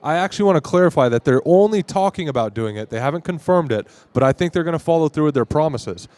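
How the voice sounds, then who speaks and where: A man's voice: on the high side, lively intonation, quick pace, darkish tone, no room sound. A man from Arizona speaking in an emphatic, opinionated way in a casual conversation at a convention. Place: convention floor.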